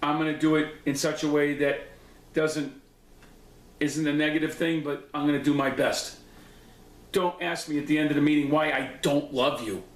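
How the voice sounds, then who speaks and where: A man's voice: fairly high pitch, fairly even intonation, moderate pace. A man giving a blunt, profane, confrontational recap of a board meeting, speaking straight to the people involved. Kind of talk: angry personal recap monologue. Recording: echoey room.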